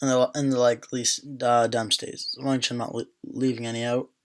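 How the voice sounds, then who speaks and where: A man's voice: mid-range voice, little pitch movement, fairly quick. Young guy rambling thru senate map picks, casual, lots of ums and restarts, mid voice. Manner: chatty, thinking aloud with fillers and restarts. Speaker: political prediction video host. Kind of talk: casual commentary over an electoral map.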